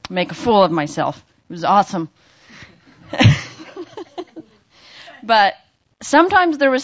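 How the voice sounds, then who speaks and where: A woman's voice: on the low side, no room sound, muffled recording. A young woman giving a personal testimony in church, chatty and self-mocking, laughing often and acting out her own lines. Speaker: church member sharing a testimony.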